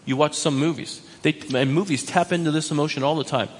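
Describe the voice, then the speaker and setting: A man preaching a sermon, animated and emphatic, often repeating his points. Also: on the high side, quick pace, in a large hall. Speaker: pastor.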